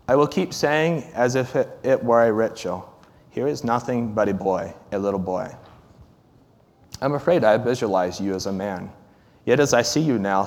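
A man speaks at an ordinary pitch, giving a sermon with earnest, halting phrasing and small fillers between thoughts. When he reads aloud he puts feeling into the words. His voice carries the long reverb of a large hall. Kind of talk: sermon with a story read aloud.

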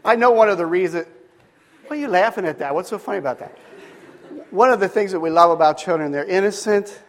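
A man's voice: high voice, quick pace, in a large hall. A middle-aged man preaching to a live audience, telling a story in a casual, rambling way with many restarts. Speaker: pastor. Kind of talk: sermon with storytelling. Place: speaking to a live audience at a Bible school.

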